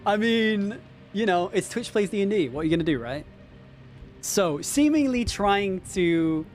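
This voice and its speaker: A man narrating a tabletop game as game master on a live stream, talking straight to the chat in a lively way. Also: a little high. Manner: lively, addresses chat directly, frequent fillers.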